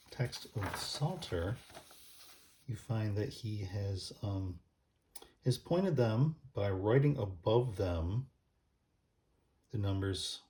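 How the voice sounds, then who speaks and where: Slow, dark-voiced hesitant man. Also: lowish voice. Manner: hesitant, many ums and restarts; thinks aloud while paging through a book. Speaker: church music presenter. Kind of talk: casual explanatory talk.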